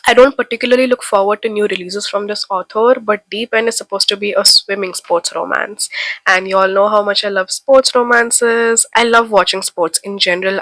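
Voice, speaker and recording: A woman's voice: medium pitch, fairly bright tone, no echo, low-quality recording. A young woman from India with a head cold, chatting to camera as a book vlogger in an enthusiastic, gushing way. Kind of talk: casual chat to camera.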